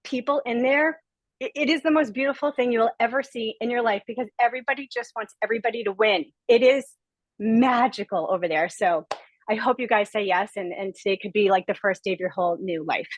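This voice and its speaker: Forties woman, emotional guest testimonial over a video call; earnest and gushing, bright-ish pitch, dry. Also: a little fast, no echo, muffled recording. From Rhode Island. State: close to tears. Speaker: guest speaker sharing a testimonial.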